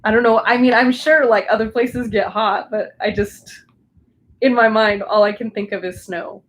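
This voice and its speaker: A woman's voice: fairly high pitch, steady tone, normal speed, low-quality recording. A young woman with a Southern Californian accent, chatting casually with a live stream audience while she crafts at home, rambling and full of restarts. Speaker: crafting livestreamer.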